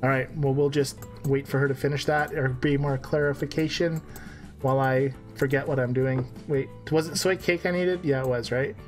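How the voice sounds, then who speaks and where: A man's voice: medium pitch, steady tone, moderate pace, soft background music. A man co-hosting a casual game live stream, joking and laughing at himself as he plays.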